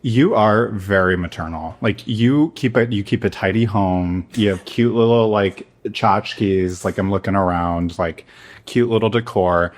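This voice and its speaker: A young American man co-hosting a comedy podcast, teasing his friend and telling stories in an animated way. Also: fairly low pitch, a little slow. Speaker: podcast co-host. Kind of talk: casual comedic chat.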